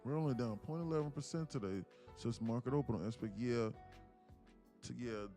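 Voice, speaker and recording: A man's voice: medium pitch, a little fast, mellow, soft background music. A man hosting a live trading stream and mentoring viewers, talking in a rambling, slangy way with many restarts. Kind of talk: casual live-stream talk.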